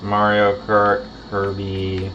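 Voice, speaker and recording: A man streaming a game, chatting casually and drifting into low mumbled asides. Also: completely flat delivery, takes it slowly, fairly bright tone. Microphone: home streaming microphone. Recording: muffled lo-fi stream mic with faint hiss.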